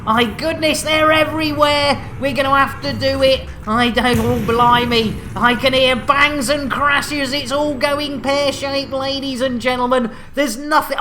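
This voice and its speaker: A woman's voice: high voice, steady tone, a little slow, hardly any pauses, pushed and bright, a little hiss or hum. A woman giving playful, exclamatory live commentary as she streams a game.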